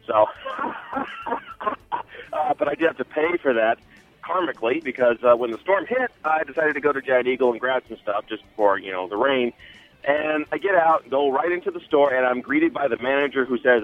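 A man's voice: mid-range voice, animated, normal speed, faint music behind. A male caller on a thin, tinny phone line, telling a rambling story with dry humor. His voice rises and falls widely as he talks.

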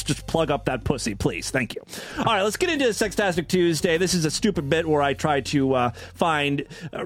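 A man hosting a comedy podcast, sarcastic and profane, with a lot of filler. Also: fairly high pitch. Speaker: podcast host. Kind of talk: crude comedic commentary.

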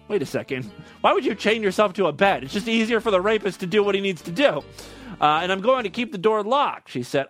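A man's voice: sits high, expressive, a little fast, fairly bright tone, faint music behind. A man hosting a comedy show, reading news stories aloud and breaking in with crude, sarcastic asides. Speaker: podcast host.

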